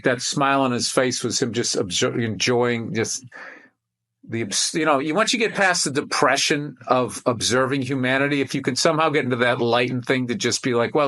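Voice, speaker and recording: A man in casual chat on a call, rambling and reflective with halting restarts. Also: mid-range voice, fairly bright tone. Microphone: remote call.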